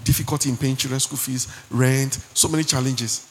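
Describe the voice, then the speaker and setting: A man with a Nigerian accent preaching a sermon as pastor, animated and dropping into Pidgin asides and acted-out quotes. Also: medium pitch, brisk, a little hiss or hum. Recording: long hall reverb.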